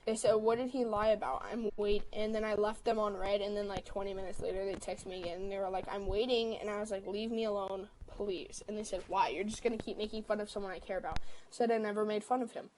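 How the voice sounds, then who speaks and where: A woman on a livestream telling a story in a casual way, quickly quoting both sides of a text argument. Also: mid-range voice, flat delivery, darkish tone, a little hiss or hum, poor audio. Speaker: livestream host.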